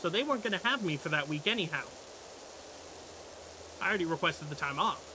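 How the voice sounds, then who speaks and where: A man's voice: a little high, animated, a little fast, noisy background. A young man streaming, telling a work story in a blunt, profane, exasperated way. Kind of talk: casual storytelling.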